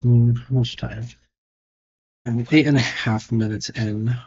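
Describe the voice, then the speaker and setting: A man's voice: medium pitch, fairly even intonation, slow, a little mellow, husky, highs cut off. A man thinking aloud and judging his own work as he draws, in casual narration. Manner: muttered, self-critical thinking aloud. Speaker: digital artist. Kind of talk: casual narration while drawing.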